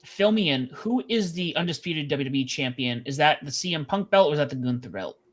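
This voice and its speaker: A man co-hosting a live wrestling stream, relaxed and jokey, trailing off with fillers. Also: on the high side, fairly quick. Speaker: podcast co-host.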